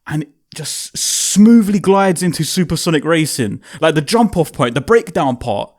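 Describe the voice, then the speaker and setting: A young man tells an excited, slang-heavy story about a concert, swearing and acting out his own loud reactions. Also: on the high side, moderate pace. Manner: animated, swearing, British slang, reacts in loud quoted exclamations. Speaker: video creator.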